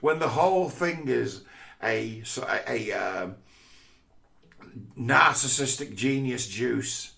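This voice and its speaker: A man's voice: medium pitch, slow pace, vocal fry, pauses often, bright, forceful tone. A man in a rambling, profane casual rant who often stumbles and repeats words mid-thought.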